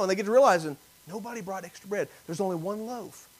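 A man preaching a sermon, acting out biblical voices and swinging from loud emphasis to near whispers. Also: sits high, fast, hardly any pauses, low-quality recording. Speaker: pastor.

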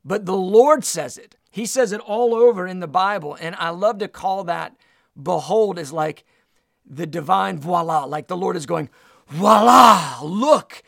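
A man's voice: high-pitched, normal speed, gravelly, no echo, clean studio sound. A man preaching a sermon, reading scripture aloud and teaching with emphatic delivery.

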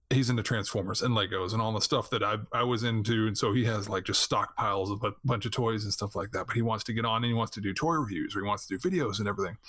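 Animated man telling stories on a podcast. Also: lowish voice, no room sound, clean studio sound. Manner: animated storyteller, laughs often, acts out quotes. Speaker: podcast host. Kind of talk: casual chat.

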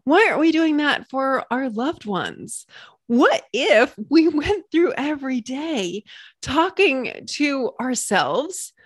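A woman's voice: very animated, takes it slowly, dry recording, studio quality. Bubbly woman hosting a solo podcast. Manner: bubbly, swings into high squealing cheerleader praise. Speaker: podcast host and coach. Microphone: computer mic.

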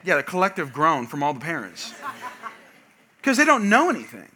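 A man in his thirties preaching a sermon, telling lively stories about his kids and shouting the punchlines. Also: on the high side, moderate pace. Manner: energetic storytelling, shouting punchlines. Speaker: pastor.

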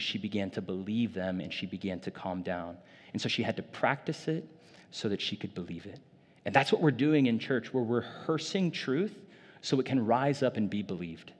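In a large church hall, a pastor with a lowish, husky voice preaches a sermon in a loose, conversational manner, full of casual fillers.

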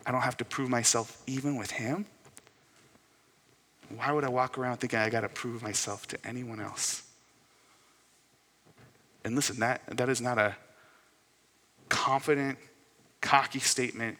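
A pastor in his thirties preaching a sermon, earnest, rising to loud emphasis and dropping to soft near-whispers. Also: mid-range voice, steady tone, moderate pace, long pauses. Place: church sanctuary. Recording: long hall reverb.

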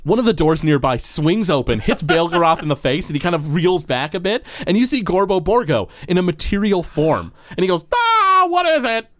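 A man's voice: fairly high pitch, expressive, a little fast, hardly any pauses, no echo. A man narrating as the game master of a tabletop game, describing scenes loosely and full of fillers.

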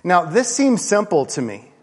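A man's voice: sits high, very animated, normal speed, husky. A man preaching a sermon as a pastor, talking casually, joking and poking fun at himself. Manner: casual, joking, self-deprecating. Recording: long reverb of a large hall.

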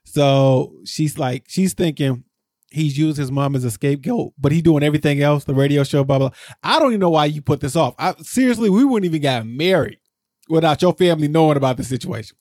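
A man co-hosts a casual recap with a slightly raised voice, rambling and circling back on himself. When something exasperates him, his pitch shoots up. The sound is dry and close to the mic. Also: expressive, a little fast, darkish tone, no echo. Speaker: podcast co-host.

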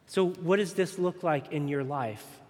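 A man's voice: fairly high pitch, unhurried, a little mellow. A man preaching a sermon as pastor, earnest and emphatic. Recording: long reverb in a large hall.

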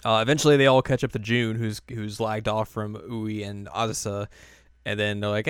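A young man talks through an anime recap in a relaxed podcast chat, slipping into voices for the characters. His voice sits a bit low and sounds smooth, recorded close and dry. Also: brisk, no echo. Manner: animated storytelling, jumps into quoted voices. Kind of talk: casual chat.

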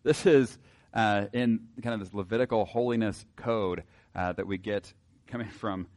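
A man with a somewhat low voice teaches from the Bible to a gathered group. He talks loosely and wryly, with frequent fillers, and slips into reading verses aloud. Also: moderate pace, a little mellow. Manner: casual, wry, many filler words, reads scripture aloud.

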